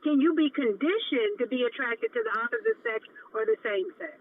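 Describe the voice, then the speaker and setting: A woman's voice: high voice, big pitch swings, fairly quick, gravelly. A woman caller on a phone line, asking frank questions in casual chat.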